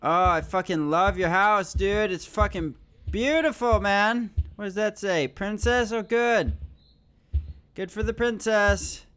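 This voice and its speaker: Young male gaming YouTuber, high voice, jittery jokes and constant swearing while playing horror. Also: takes it slowly, clean tone. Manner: excitable, swearing, nervous joking. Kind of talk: horror game let's play commentary.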